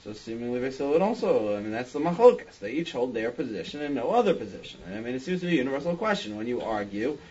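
A man's voice: mid-range voice, big pitch swings, fast talker, hardly any pauses, a little mellow, breathy edge, lo-fi sound. A man leading a Talmud study class, thinking aloud with frequent restarts and "I mean". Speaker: Talmud teacher.

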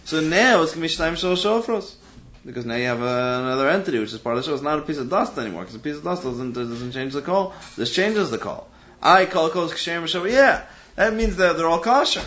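A man's voice: a little high, animated, fast, fairly bright tone. A man giving a Talmudic lecture, reasoning aloud analytically and restarting phrases as he works through the logic. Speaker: Talmud teacher. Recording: dull lo-fi recording with faint hiss.

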